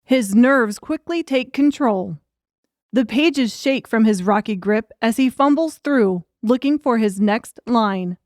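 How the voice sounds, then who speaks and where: A woman reads a darkly comic audiobook with wry, crude timing. Her voice sits a bit high and the recording is dry and close, with no room sound. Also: takes it slowly, darkish tone, no room sound. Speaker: audiobook narrator. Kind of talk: scripted audiobook narration.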